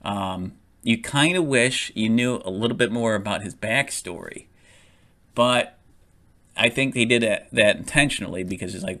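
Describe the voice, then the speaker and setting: A man's voice: lowish voice, normal speed, fairly bright tone. A man casually reviewing a movie, rambling with lots of fillers, restarts and frequent laughs.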